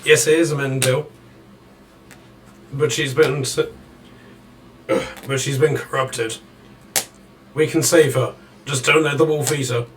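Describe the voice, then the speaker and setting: A man doing an urgent shouting warrior. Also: medium pitch, steady tone, a little slow, pauses often, natural voice. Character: earnest male warrior ally urging rescue.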